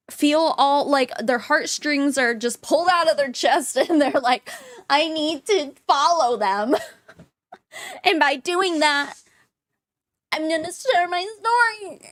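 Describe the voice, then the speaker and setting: Young woman, high bright voice, sardonic commentator, dry close sound. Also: no echo. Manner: blunt, sarcastic, laughs often. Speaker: commentary host. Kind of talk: reaction commentary.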